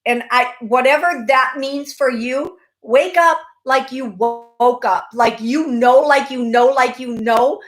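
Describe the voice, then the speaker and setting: Effusive psychic host, high voice. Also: female voice, measured pace, few pauses. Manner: effusive, emphatic, repeats phrases. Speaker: psychic medium radio show host. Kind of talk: call-in psychic reading.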